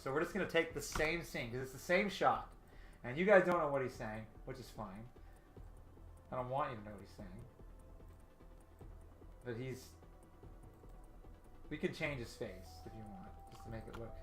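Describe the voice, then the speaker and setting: A man hosts a relaxed livestream, talking himself through his work and answering viewers with easy self-mockery. His voice is bright and tense. It sounds roomy, with faint music under it. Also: medium pitch. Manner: thinking aloud, chatting with viewers, self-deprecating. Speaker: livestream host. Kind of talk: casual livestream chat while storyboarding. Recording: roomy echo. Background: faint game music playing.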